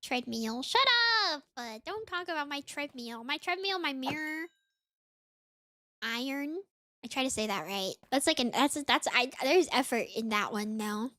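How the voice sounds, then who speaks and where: A woman's voice: high voice, expressive, moderate pace, few pauses, a bit bright, dry recording. A young woman from the US South with a light Southern accent, sounding sniffly and congested, chatting in a rambling way full of "like" while streaming a game. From US South (Florida, Mississippi). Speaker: VTuber streamer. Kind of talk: casual gaming stream chat.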